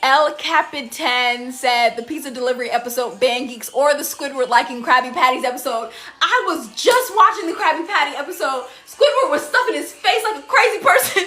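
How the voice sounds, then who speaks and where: Bubbly, animated young woman on a live stream. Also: sits high, normal speed, hardly any pauses. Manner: laughs often, animated, quotes cartoon lines in silly voices. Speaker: TikTok live host. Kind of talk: casual live-stream chat reading comments. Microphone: phone.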